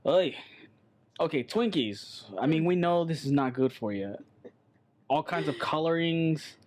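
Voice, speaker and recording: A man's voice: on the high side, animated, measured pace, darkish tone. Rambling, blunt man chatting casually. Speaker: podcast co-host. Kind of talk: casual chat.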